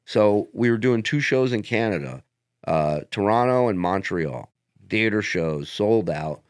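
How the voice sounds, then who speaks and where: A male comedian telling casual stories on a podcast. His voice sits low, yet he swings it around widely as he tells the story. The sound is dry and close. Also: measured pace, clear, resonant tone, dry recording. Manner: animated, profane anecdotes with laughs. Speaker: guest comedian.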